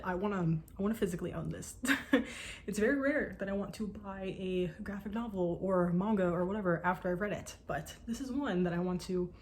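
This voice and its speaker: A woman's voice: mid-range voice, slight background noise. Gushing young woman book vlogger. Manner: gushing, animated, swears casually. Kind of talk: casual chat.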